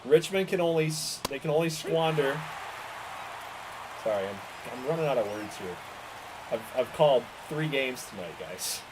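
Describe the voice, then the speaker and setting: A man's voice: medium pitch, animated, moderate pace, background noise. A man calling a baseball video game play by play, exasperated and swearing as his team loses. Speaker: gaming streamer calling the game.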